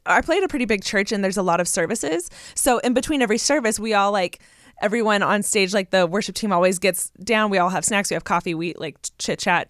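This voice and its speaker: A woman's voice: mid-range voice, fairly bright tone, dry recording. Giggly chatty woman, dry sound. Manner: chatty, laughing storyteller with many restarts. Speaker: co-host. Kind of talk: casual chat.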